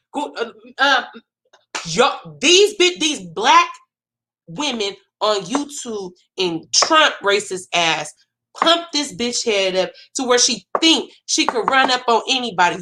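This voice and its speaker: A woman's voice: high voice, pushed and bright. Indignant woman ranting to viewers. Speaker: commentary host. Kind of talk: casual reaction commentary. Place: home livestream setup.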